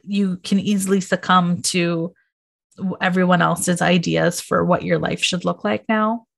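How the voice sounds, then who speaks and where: A woman guest speaks slowly and thoughtfully, with a gravelly edge to her voice. She weighs each point in a reflective, unhurried conversation. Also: fairly low pitch, steady tone. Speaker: podcast guest. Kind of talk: casual podcast conversation.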